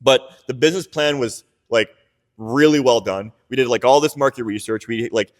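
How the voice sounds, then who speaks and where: In a reverberant room, a young man from Canada chats on a podcast about his business, speaking at normal speed with medium pitch. He's rambling and frank, restarting often, leaning on filler words and swearing now and then.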